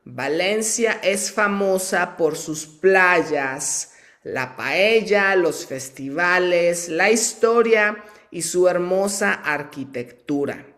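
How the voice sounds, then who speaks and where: During a live bilingual Spanish lesson, a man pitched high and a bit bright says words slowly so viewers can repeat them. Between these drills he drifts into friendly, talkative remarks.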